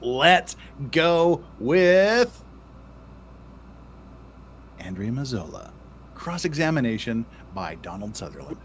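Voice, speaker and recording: A man's voice: mid-range voice, sing-song, takes it slowly, pauses often, a little hiss or hum. A man hosting a casual livestream, reading out super chats and joking with his co-host in playful banter.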